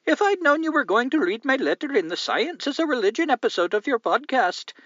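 A man's voice: very high voice, very animated, fairly quick, fairly bright tone, dry recording, lo-fi sound, voice pushed up, exaggerated voice. A man putting on an exaggerated Indian accent to voice a male listener reading out his own letter, in a sing-song way. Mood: earnest. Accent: Indian, put on.

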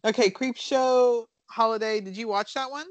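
A woman's voice: a little high, moderate pace, no room sound. Chatty woman retelling a horror movie. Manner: rambling, animated storytelling with fillers and swearing. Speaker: podcast co-host reviewing horror films. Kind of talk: casual chat, retelling movie plots.

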